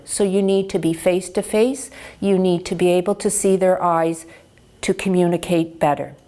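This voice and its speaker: A woman counselor teaching about hearing loss in a steady, mid-pitched voice. She explains patiently and clearly, grounding each point in practical everyday examples. Her voice comes through a small lapel microphone. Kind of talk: educational health talk.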